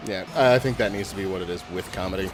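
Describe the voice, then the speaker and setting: A man's voice: sits low, racing, a little hiss or hum. Easygoing man chatting over a game. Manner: loose, profane, thinking aloud. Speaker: gamer chatting while playing. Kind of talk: casual chat over game voice chat.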